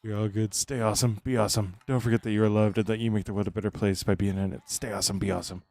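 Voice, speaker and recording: A man streaming live, chatting casually and greeting viewers by name, tired and relaxed. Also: fairly low pitch, very fast, vocal fry, dry recording.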